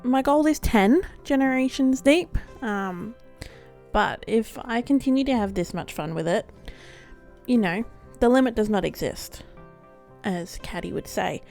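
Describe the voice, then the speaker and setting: This woman's voice sits on the high side, gravelly and darkish, with lively intonation and a measured pace. She hosts a let's play, giggling and chatting while teasing herself, with faint music underneath.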